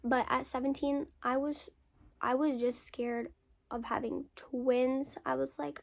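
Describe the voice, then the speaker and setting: High-voiced young woman, frank storyteller. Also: measured pace, gravelly. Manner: candid and frank, swears freely; lively storyteller with emphatic repetition. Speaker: content creator answering follower questions. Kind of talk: casual Q&A storytelling.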